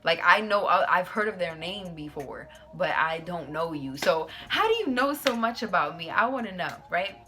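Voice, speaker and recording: A woman's voice: lowish voice, lively intonation, moderate pace, few pauses, pushed and bright. A young adult woman hosting her own channel, telling a casual storytime in a sassy, slangy way with plenty of "like"s. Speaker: YouTuber host.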